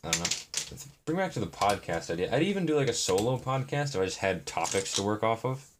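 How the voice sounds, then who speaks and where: A man's voice: fairly low pitch, big pitch swings, quick pace. A young man chatting in a meandering, self-deprecating way on a live stream while he builds. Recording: noisy, with keyboard and brick clicks.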